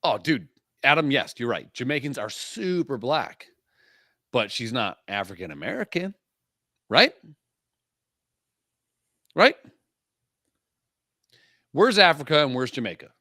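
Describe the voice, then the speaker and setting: Man, podcast co-host, lively swinging pitch, dry close sound, crude joking banter. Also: dry recording. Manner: provocative, profane, joking, fast-shifting emphasis.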